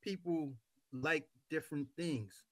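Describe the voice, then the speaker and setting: A man's voice: on the high side, slow pace, no echo. A man from Bermuda hosting an interview show, talking emphatically and persuasively with rhetorical questions. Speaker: host.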